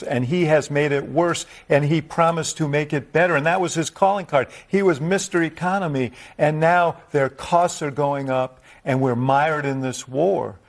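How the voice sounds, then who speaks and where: A man giving measured, deliberate political analysis as a guest, sometimes restarting his phrases. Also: a little high.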